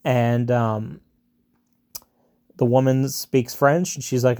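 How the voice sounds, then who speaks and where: A man's voice: medium pitch, steady tone, slow, darkish tone. A man casually retelling a film plot in a rambling way, with many fillers and asides.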